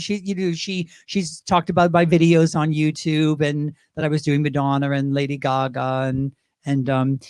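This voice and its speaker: A man from Great Britain, a drag performer, telling animated stories in an interview, laughing and slipping into quick impressions. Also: on the high side, dry recording. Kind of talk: casual interview storytelling.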